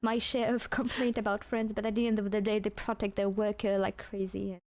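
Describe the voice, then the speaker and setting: A woman content creator making a public apology, hesitant and halting, saying sorry again and again. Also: medium pitch, flat delivery, darkish tone. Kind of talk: apologetic stream statement.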